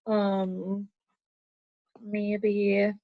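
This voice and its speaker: A woman's voice: mid-range voice, monotone, extremely slow, dry recording. A woman teacher talking through an online class lesson, patiently explaining step by step and counting syllables aloud. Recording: dull lo-fi computer audio.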